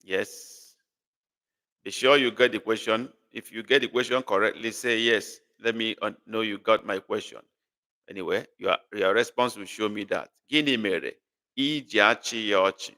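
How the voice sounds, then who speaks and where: A man's voice: fairly low pitch, normal speed, sharp tone. A man teaching a live online language class, patiently repeating and correcting a student's sentences. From Nigeria. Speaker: language tutor.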